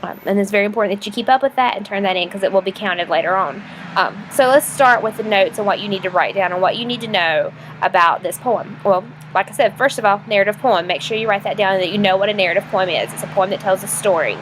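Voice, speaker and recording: A woman teacher explains a lesson for a recorded video in a casual, chatty way, often pausing on fillers and restarting sentences. Her voice is medium-pitched, with slight background noise from passing trucks.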